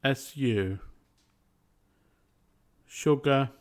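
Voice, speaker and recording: A man teaching a scripted pronunciation lesson, speaking in slow, carefully spaced words. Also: medium pitch.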